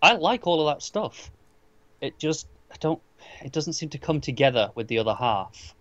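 A man chats about a film, halting and repeating himself before landing his points. The recording is slightly dull and lo-fi, and very dry. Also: a little high, big pitch swings, fairly bright tone, no echo. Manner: halting, repeats words before finishing thoughts. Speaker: film reviewer. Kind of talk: casual film discussion.

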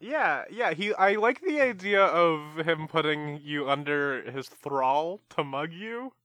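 A man's voice: on the high side, animated, takes it slowly, sharp tone, no echo. A man co-hosting a podcast, talking in a hesitant, rambling, playfully defensive way in casual comedic chat. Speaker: podcast co-host.

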